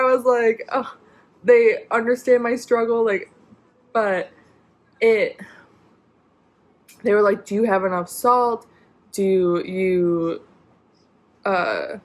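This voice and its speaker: Rambling young woman telling a story. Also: medium pitch. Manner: rambling, many "like" fillers and restarts. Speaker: vlogger. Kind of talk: casual storytime.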